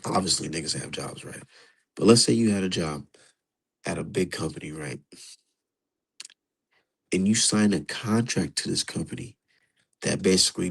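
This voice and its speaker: Male streamer, low gravelly voice, husky edge, loose profane live commentary. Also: rough recording. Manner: profane, animated, talks to chat.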